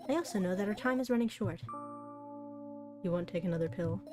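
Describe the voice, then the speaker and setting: A woman's voice: medium pitch, fairly quick. A woman streamer reading a visual novel aloud, breaking into chatty, giggly asides between the lines. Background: soft background music.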